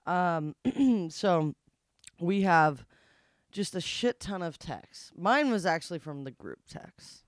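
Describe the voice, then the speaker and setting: A woman's voice: on the low side, animated, slow pace, dry recording, studio quality. A woman co-hosting a podcast in casual chat, who swears freely, laughs a lot and trails off with ums. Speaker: podcast co-host.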